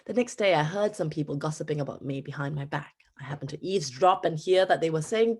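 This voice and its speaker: A woman in her thirties from Singapore with a Singaporean accent, an English teacher giving a conference talk in an animated storytelling manner. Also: fast talker, hardly any pauses, breathy edge. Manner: animated storytelling with pitch jumps.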